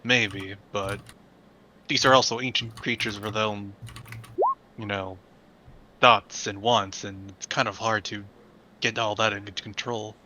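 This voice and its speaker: A man's voice: fairly low pitch, fairly even intonation, a little slow, pauses often, background noise. A man playing a tabletop game, thinking aloud and weighing ideas in casual chat. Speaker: player.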